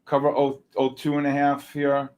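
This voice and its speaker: A man hosting a live trading stream, giving excitable, exclamatory market commentary and calling out viewers by name. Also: medium pitch, normal speed, background noise.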